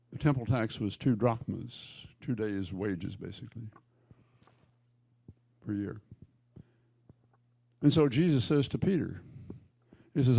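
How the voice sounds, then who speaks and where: A male pastor preaching a sermon in church, telling the stories emphatically with jokey asides and quick self-corrections. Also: on the low side, lively intonation, gravelly, warm tone, slightly rough, dry recording.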